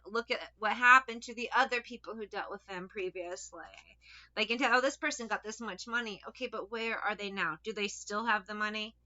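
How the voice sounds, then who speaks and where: A woman's voice: medium pitch, bright, forceful tone. A woman giving a casual tarot reading. She talks in a chatty, blunt way, swears now and then, and gives direct advice. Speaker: tarot reader. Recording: dull lo-fi recording.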